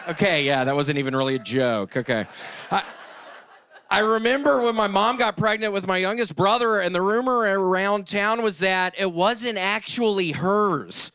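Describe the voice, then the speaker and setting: Shrill, shouting stand-up comedian man. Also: animated, moderate pace, clear, resonant tone. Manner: shouted, erratic punchline delivery with giggles. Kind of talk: one-minute stand-up set. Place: comedy club stage.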